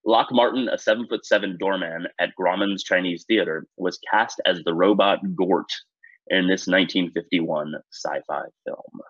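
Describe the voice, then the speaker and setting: Husky man hosting a trivia quiz. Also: deep voice, moderate pace, no room sound. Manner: relaxed, self-deprecating, lots of "uh" and "um". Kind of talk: casual quiz-show hosting. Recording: dull lo-fi dry sound.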